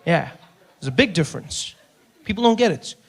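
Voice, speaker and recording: A man with a South African accent doing an animated stand-up routine, teasing a member of the crowd by name. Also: a little high, normal speed, slightly rough. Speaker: stand-up comedian.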